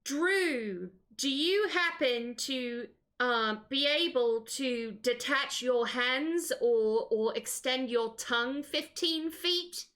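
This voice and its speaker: A woman's voice: high-pitched, slow, hardly any pauses, fairly bright tone. A woman player in a tabletop game, blunt and exasperated. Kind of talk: tabletop role-play.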